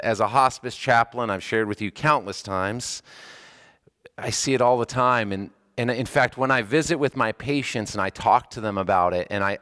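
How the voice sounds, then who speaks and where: A man's voice: fairly low pitch, fairly bright tone. A middle-aged man, a hospice chaplain and pastor, preaching a sermon in an earnest way, often repeating words and restarting phrases.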